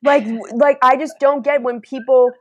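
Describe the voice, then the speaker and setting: A young woman with a fairly high voice rants bluntly through a casual spiritual chat, swearing freely and slipping into mocking impressions. Her voice is close and dry, with no room sound. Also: little pitch movement, normal speed, no echo, highs cut off. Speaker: host.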